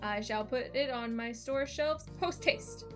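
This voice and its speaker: A woman putting on a loud, fussy old shopkeeper. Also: high-pitched, expressive, soft background music. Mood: theatrical. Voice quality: loud, theatrical, drawn-out.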